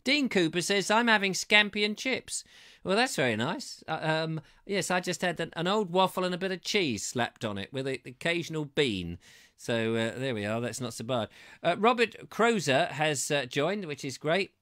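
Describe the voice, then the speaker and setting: A middle-aged Englishman hosts a casual livestream, reading viewers' comments aloud and chatting in a rambling, jokey way full of playful wordplay. His voice is a little high, expressive, bright and forceful, at a moderate pace.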